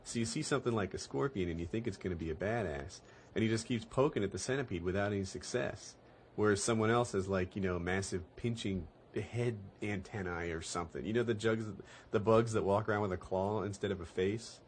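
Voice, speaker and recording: A man hosting a podcast in casual chat over an online voice call, rambling through animated explanations and laughing often. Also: on the low side, brisk, a little hiss or hum. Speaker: podcast host.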